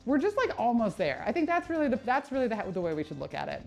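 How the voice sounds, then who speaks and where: A woman's voice: fairly high pitch, fast, creaky, soft background music. A woman who works as a personal trainer, chatting casually and swearing on a live stream while she exercises, laughing at herself often. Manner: animated, swearing, self-mocking, laughs often.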